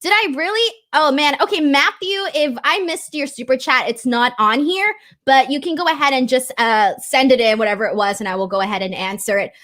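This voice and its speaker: High-pitched woman host, casual chatty stream talk, full of fillers. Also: brisk, hardly any pauses, a bit bright. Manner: chatty, lots of fillers, earnest and grateful. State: voice cracking with emotion. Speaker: wrestling show host. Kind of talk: casual live-stream commentary.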